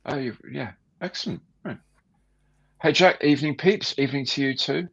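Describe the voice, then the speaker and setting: A man's voice: medium pitch, moderate pace, creaky, slightly rough, highs cut off. A man hosting a casual live stream, chatting and greeting viewers by name.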